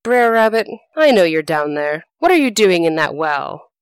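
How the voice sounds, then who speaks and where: A woman's voice: lowish voice, sing-song, normal speed, clear, resonant tone, no room sound. A woman voicing a greedy, scheming male fox in a storybook podcast, with a sly, musing, knowing delivery. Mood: calling out.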